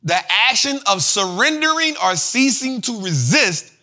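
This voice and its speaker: A man's voice: extremely high pitch, measured pace. A man hosting an investing show, teaching finance terms in a casual, slangy way with lots of repetition. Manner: slangy, repetitive, animated explaining.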